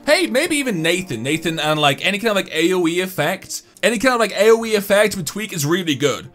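A young man commenting on his own mobile game matches, excitable, swinging between hype and grumbling and swearing when things go wrong. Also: high-pitched, fast. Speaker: gaming YouTuber. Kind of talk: gameplay commentary. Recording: faint music behind.

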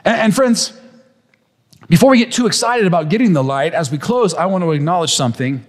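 A man with a strikingly high voice preaches a sermon, pressing his listeners with one rhetorical question after another. His words ring out into the long reverb of a large church hall. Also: animated, fairly quick. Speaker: pastor. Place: church sanctuary.

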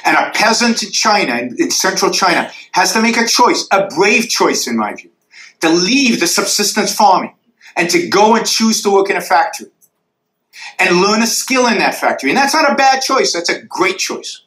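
Answering in a lecture Q&A, a man with a high, bright, forceful voice pushes his points through repeated rhetorical questions while tracing graphs in the air for listeners. His pitch swings widely at a normal speed, and the audio echoes like a lecture hall.

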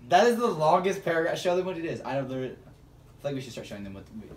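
A man's voice: fairly high pitch, big pitch swings, fast. A young man runs a guessing game, teasing his friend and laughing between phrases. He speaks from a distance in a reverberant room, with faint noise under him. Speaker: vlogger. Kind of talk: casual chat, party game. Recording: echoey room, far from mic.

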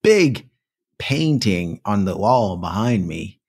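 A man co-hosting a casual comedy podcast, playful and quick to laugh, with bursts of mock indignation. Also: fairly low pitch, big pitch swings, darkish tone, slightly rough. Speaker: podcast co-host.

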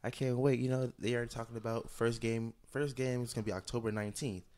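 A man's voice: mid-range voice, fairly even intonation, fast talker, a little mellow. A man co-hosting a casual sports podcast, speaking in a laid-back way, teasing and often saying "you know". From Texas. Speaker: podcast co-host.

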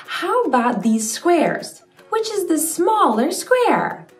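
A young woman hosting a toddler learning video, who speaks slowly and gives lots of encouraging praise. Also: very high-pitched, big pitch swings, distant mic. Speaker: children's video host. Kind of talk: slow, sing-song teaching for toddlers. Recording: echoey room, soft music behind.

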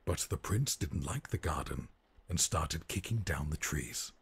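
A man narrating a rhyming bedtime story for a game in a measured storytelling cadence. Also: very deep voice, animated, husky, exaggerated voice.

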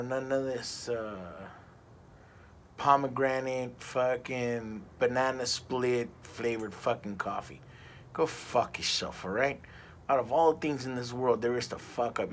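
A man's voice: mid-range voice, a little hiss or hum. A middle-aged man reviewing a cigar in a casual vlog, rambling and ranting with plenty of profanity.

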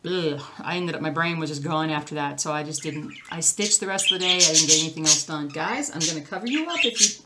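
A woman's voice: sits low, animated, quick pace, few pauses, background noise. A woman hosting a crafting channel, chatting casually to the camera in a rambling, easily sidetracked way. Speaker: cross-stitch channel host.

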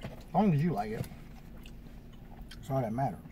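A man's voice: medium pitch, lively intonation, normal speed, dark tone, slight background noise. A man hosting a casual food review mukbang, talking in slangy, hyped greetings to his viewers.

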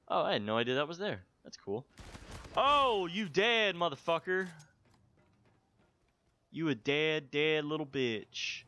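High, lively man raging at a game. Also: measured pace, long pauses. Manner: swearing, yelling outbursts at opponents. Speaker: gaming video host. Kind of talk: live gameplay commentary.

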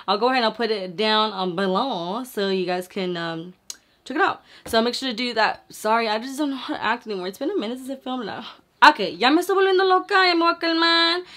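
A young woman talking excitedly at home in a casual makeup vlog, now and then slipping into Spanish. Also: on the high side. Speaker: beauty vlogger. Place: her home.

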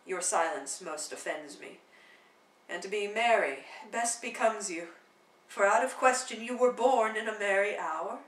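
A woman's voice: medium pitch, a little slow, a bit bright, roomy sound, recorded from a distance, lightly acted, low-quality recording. A woman voicing a courtly, genial prince who plays matchmaker, speaking in a lordly, persuasive way in a play reading.

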